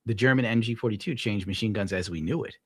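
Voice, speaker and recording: A man's voice: on the low side, fast, a bit bright, breathy edge, no echo, clean studio sound. A young man streaming live, reading out viewer tips and ranting casually with lots of swearing. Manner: profane, ranting, gets worked up. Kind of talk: casual livestream chat.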